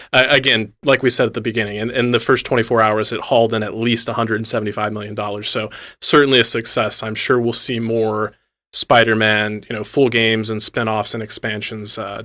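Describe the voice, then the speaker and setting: A man with a bright, forceful voice chats about entertainment news as a co-host. His talk is loose and easygoing, full of "like" fillers and quick restarts. He sits at a mid pitch for a man. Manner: chatty, lots of "like" fillers and restarts. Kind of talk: casual entertainment news chat.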